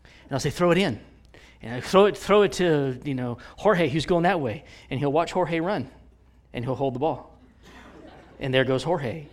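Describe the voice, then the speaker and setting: A man in his forties preaching in a conversational, animated way, telling stories with frequent restarts. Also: medium pitch, normal speed. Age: 40s.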